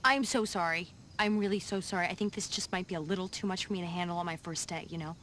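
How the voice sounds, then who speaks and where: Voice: medium pitch, fast, pushed and bright, slight background noise, close to an everyday voice. A performer playing a nervous, apologetic newcomer on a first day, who sounds flustered.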